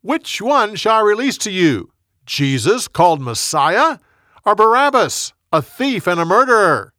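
A man voicing a weary Roman governor in a Bible story reading, speaking in a measured, questioning way. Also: high voice, sing-song, sharp tone, no room sound, clean studio sound, voice pushed up, exaggerated voice. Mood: pleading.

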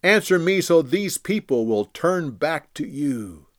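A man's voice: a little high, animated, a little slow, no room sound, studio quality, voice pushed up. A man voicing a bold, commanding male prophet who proclaims in a raised voice.

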